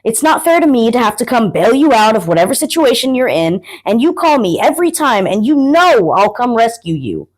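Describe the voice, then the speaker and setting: A woman quoting an exasperated gentle young man. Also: mid-range voice, very animated, moderate pace, breathy edge.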